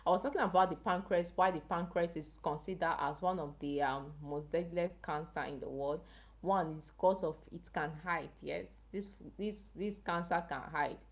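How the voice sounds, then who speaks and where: A woman's voice: on the low side, moderate pace. A woman from Africa hosting a casual health livestream, chatting with viewers and asking them questions. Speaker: health channel livestream host.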